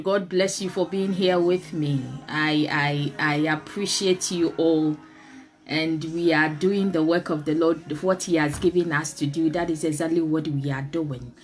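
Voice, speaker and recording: A woman leading a livestreamed sermon, greeting viewers and praying fervently, speaking in tongues. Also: fairly low pitch. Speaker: preacher.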